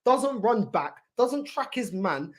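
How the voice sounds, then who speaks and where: A woman hosting a casual football talk show, ranting loudly and profanely in street slang. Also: on the high side, very animated, slow. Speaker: fan show host.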